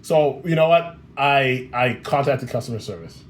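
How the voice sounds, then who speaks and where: A man's voice: mid-range voice, moderate pace, a little hiss or hum. Blunt, cursing man recounting a hassle. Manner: blunt and profane, exasperated retelling. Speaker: vlogger. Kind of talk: casual storytelling rant.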